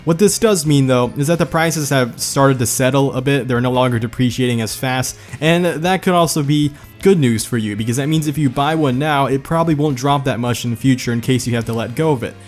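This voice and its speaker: A man's voice: medium pitch, a little fast, few pauses. A man hosting a car video in scripted narration, joking and sarcastic, with a slight lisp from medicine. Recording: faint music behind.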